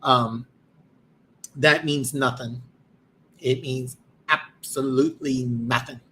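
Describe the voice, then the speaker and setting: A man's voice: mid-range voice, fairly even intonation, slow, long pauses, pushed and bright, slight background noise. A man hosting a live football stream, tired and losing his voice, rambling boastfully with many restarts. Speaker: host. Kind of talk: live-stream football talk, reading comments.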